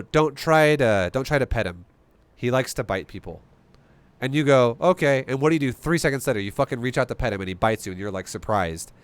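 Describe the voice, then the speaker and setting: A man streaming a strategy game, explaining his play in an animated, swearing, rhetorical way. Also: medium pitch, smooth, dry recording. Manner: animated, profane, rhetorical questions. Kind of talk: live-stream commentary.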